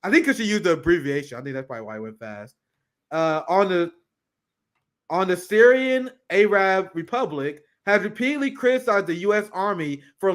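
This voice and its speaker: A man hosting casual political commentary, animated and profane, laughing often and reading news aloud. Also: high-pitched.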